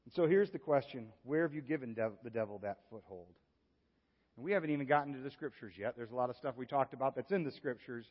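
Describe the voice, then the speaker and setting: A male pastor preaching a sermon, moving from hushed, earnest passages to lively exclamations. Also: medium pitch, fast. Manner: animated, swings from hushed to exclaiming. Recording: dull sound with long hall reverb.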